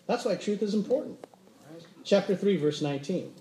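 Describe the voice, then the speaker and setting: A male pastor preaching a sermon, telling stories and acting out everyday conversations in a lively way. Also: sits high, normal speed. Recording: roomy echo.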